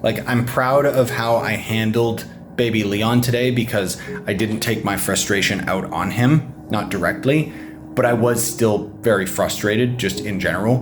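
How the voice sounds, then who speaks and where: A man's voice: on the low side, moderate pace, over music. A young man, a new father, talking frankly on a casual home vlog, stressed and swearing freely. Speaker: vlogger, father of a baby.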